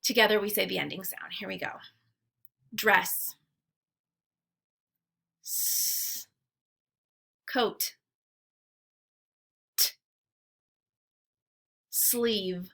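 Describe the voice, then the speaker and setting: Slow bright-voiced woman teacher. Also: mid-range voice, steady tone. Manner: slow, clearly enunciated, repeating words. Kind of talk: phonemic awareness drill.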